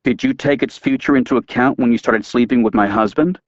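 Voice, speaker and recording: A man's voice: mid-range voice, a little fast, no echo, muffled recording, lightly acted. A man reading an audiobook, voicing an angry, betrayed woman who answers curtly and coldly. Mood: cold anger.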